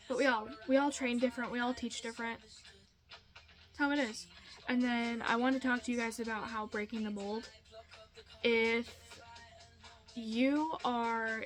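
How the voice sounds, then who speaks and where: A young woman speaks to camera in a casual, earnest vlog, with a slightly high voice. She is chatty and repeats her points for emphasis, and faint music plays underneath. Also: a bit bright, rough recording. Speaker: vlogger. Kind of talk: casual motivational talk to camera.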